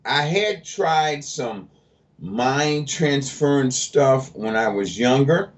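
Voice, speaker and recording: A man's voice: medium pitch, lively intonation, takes it slowly. A man guest telling his story in an interview, blunt and plainspoken. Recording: distant, dull lo-fi mic.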